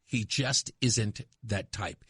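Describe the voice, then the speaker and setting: A man hosting a talk radio show, giving emphatic, impassioned commentary that swings from loud to hushed. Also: on the low side, slow, slightly rough, dry recording, clean studio sound.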